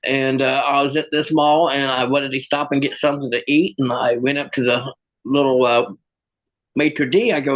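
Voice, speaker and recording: A man's voice: medium pitch, level tone, moderate pace, highs cut off. A man doing a self-mocking stand-up comedy and magic act over a video call, laughing at his own jokes.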